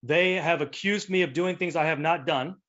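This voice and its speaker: A desperate woman admiral on the run, as a game master puts her on, pleading in a low, hushed voice. The voice sits a little above average for a man. The audio is slightly dull and lo-fi. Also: normal speed, lightly acted. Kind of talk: improvised tabletop role-play voicing.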